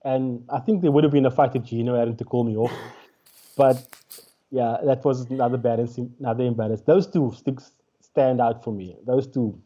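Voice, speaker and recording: A man recounting a stand-up gig as a guest, full of fillers and restarts. His voice sits in a middle pitch and comes through a dull, lo-fi remote connection. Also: a little fast. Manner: animated storyteller with frequent fillers and restarts. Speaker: guest comedian. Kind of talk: casual interview storytelling. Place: remote call during lockdown.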